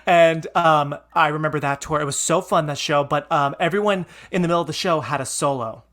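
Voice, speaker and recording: A man's voice: a little high, brisk, fairly bright tone. A middle-aged man hosting a podcast, chatting casually and gushing with enthusiasm, full of fillers. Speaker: podcast host. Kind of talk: casual chat.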